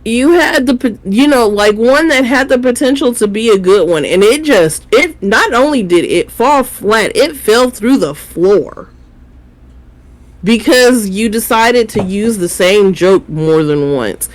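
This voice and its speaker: A man co-hosting a relaxed review chat, with a mid-range voice. He talks animatedly, repeating and rephrasing his points to drive them home. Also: high voice, a little slow, low-quality recording. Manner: animated, explaining with repetition. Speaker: podcast co-host.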